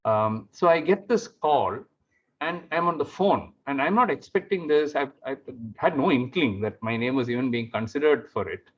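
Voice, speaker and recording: A man giving a devotional testimony talk, telling his story in an animated way and acting out the dialogue. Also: mid-range voice, normal speed. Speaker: speaker at a devotional gathering. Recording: muffled lo-fi sound.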